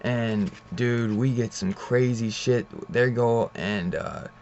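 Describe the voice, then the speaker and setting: A man's voice: mid-range voice, steady tone, slow pace, darkish tone, a little hiss or hum. A man in a casual, profane comic book review rant, leaning on "like", "man" and "dude" as he retells scenes. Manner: loose and profane, heavy use of "like", "man" and "dude"; retells scenes in a loose storytelling way. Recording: slightly dull, muffled audio.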